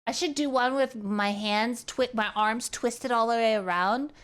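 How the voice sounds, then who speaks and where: Woman streamer, casual, rambling chat. Slow delivery, a bit high, close-miked. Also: a bit bright. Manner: rambling, playful, trails off and restarts. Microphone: close studio mic.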